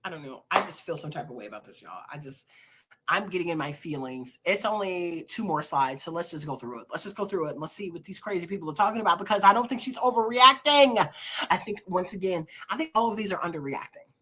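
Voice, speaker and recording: A woman hosting a show, reading online posts aloud and reacting with animated, sassy commentary. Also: on the low side, quick pace, slight background noise. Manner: animated, sassy commentary with sudden loud outbursts. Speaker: host.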